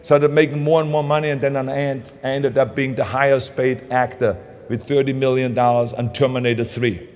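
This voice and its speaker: A man's voice: mid-range voice, little pitch movement, fairly quick, a little mellow. A man with a strong German accent and German as his first language, giving motivational talk emphatically. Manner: emphatic, heavily accented, sometimes restarting words. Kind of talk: motivational speech and interview.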